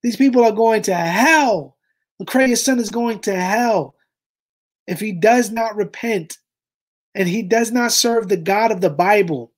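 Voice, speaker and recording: A man's voice: high-pitched, unhurried. A man hosting reaction commentary, speaking in an impassioned, preachy way and talking straight to his listeners. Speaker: commentary host.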